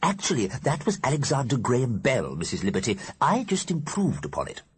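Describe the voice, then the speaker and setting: A man's voice: mid-range voice, big pitch swings, fairly quick, slightly rough, pitched above the performer's own voice. A man reading an audiobook, voicing a fussy, pedantic dead male inventor with a precise, correcting manner.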